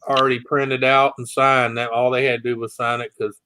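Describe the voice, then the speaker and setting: A man's voice: mid-range voice, level tone, brisk, a loud crowd. A man hosting a casual voice chat, laid-back and laughing a lot with crude jokes. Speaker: host of a voice chat hangout.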